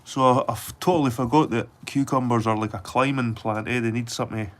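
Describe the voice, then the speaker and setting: A man's voice: medium pitch, fairly even intonation, fast talker. Man, middle-aged, casual live-stream vlogger, rambling and sweary, phone mic outdoors. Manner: rambling, sweary, matter-of-fact. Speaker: livestreaming vlogger. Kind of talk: casual chat to live viewers. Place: outdoors at a garden allotment.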